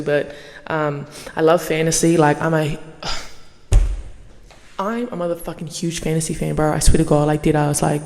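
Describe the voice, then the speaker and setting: A young woman hosting her podcast in a casual monologue, swearing freely and yapping in an animated way. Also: sits low, in a large hall. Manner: profane, animated, fast yapping. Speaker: podcast host.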